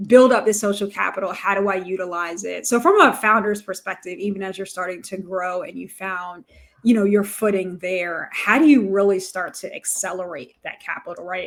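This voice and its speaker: Woman podcast host, lower voice, casual and rambling. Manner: casual, rambling questions with fillers. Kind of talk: conversational podcast interview.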